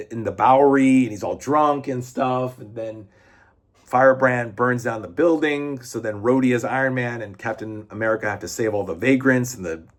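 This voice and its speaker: Male reviewer, casual, rambling delivery, middle pitch. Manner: rambling, lots of fillers, restarts and swearing. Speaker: comic book reviewer.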